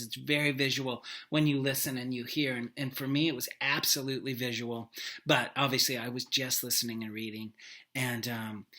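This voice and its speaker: A man teaching by video from his living room, telling a rambling, animated story with lots of emphasis. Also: mid-range voice. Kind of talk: casual storytelling lecture to camera.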